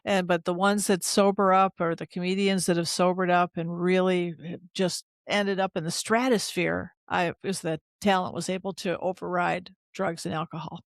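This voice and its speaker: A woman hosting a casual chat in a home art studio, agreeing readily and prompting her guest with quick asides. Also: lowish voice, flat delivery, dry recording. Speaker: host.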